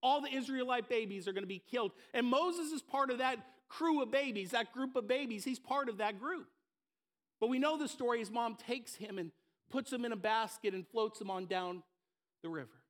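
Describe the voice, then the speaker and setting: A man's voice: very high-pitched, normal speed, a bit bright. A pastor giving a conversational, earnest sermon, often repeating words as he restarts a thought.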